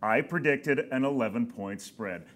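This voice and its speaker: A man sits on a sports roundtable and talks casually. He pauses often with fillers, and his voice is mid-pitched. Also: noisy background. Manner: hesitant, frequent fillers. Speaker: show producer and panelist. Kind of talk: casual studio sports talk.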